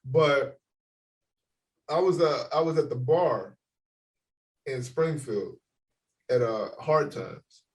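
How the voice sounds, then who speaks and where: Animated man telling a profane story. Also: a little high, takes it slowly, long pauses, recorded from a distance, low-quality recording. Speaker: podcast co-host. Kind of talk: casual storytelling.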